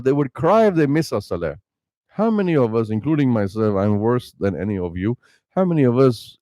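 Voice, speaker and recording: Impassioned imam preaching a sermon. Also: male voice, medium pitch, a little mellow, dry recording. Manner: impassioned preaching with rhetorical questions. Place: Islamic center prayer hall. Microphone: speaking into a microphone.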